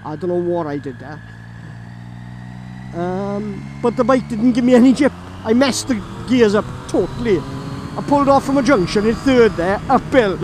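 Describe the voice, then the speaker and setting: A man's voice: extremely high pitch, background noise. A man from Llanelli with a Welsh accent, telling a rambling story while riding his motorbike and laughing often. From Wales. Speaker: motorcycle vlogger. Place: on a moving motorbike outdoors.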